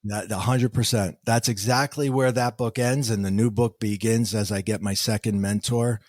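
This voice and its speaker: A middle-aged man, a podcast guest, telling a personal story in an animated way and acting out the quoted dialogue. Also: lowish voice, moderate pace, no room sound, studio quality. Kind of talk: storytelling interview answers.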